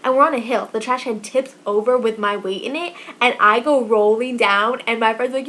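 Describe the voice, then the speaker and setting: A woman's voice: fairly high pitch, normal speed, hardly any pauses. Chatty young woman telling stories. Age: twenties. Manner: chatty, animated, acts out quoted dialogue. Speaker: vlogger. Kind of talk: casual storytelling vlog.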